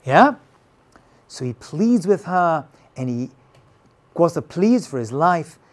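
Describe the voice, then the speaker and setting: Male rabbi, lively casual storyteller with expressive, swinging pitch. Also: takes it slowly. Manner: dramatic, casual, retells scenes with acted quotes. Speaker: rabbi teaching. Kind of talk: animated storytelling lesson.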